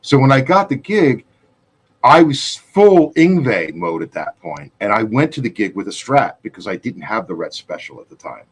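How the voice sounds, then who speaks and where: Husky-voiced man telling rambling stories. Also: fairly low pitch, big pitch swings, moderate pace. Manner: loose, profane, rambling anecdotes with acted-out quotes. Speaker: guitarist and podcast co-host. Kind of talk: casual storytelling chat.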